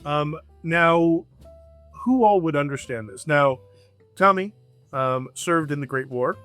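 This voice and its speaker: Halting man running a tabletop game. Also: on the high side, a bit bright, faint music behind. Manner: halting, filler-heavy narration. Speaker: game master.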